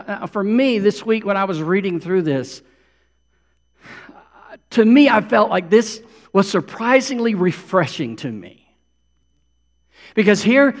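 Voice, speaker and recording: A man preaching a sermon with earnest intensity, acting out pleading prayers as he goes. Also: high voice. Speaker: pastor. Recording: long hall reverb.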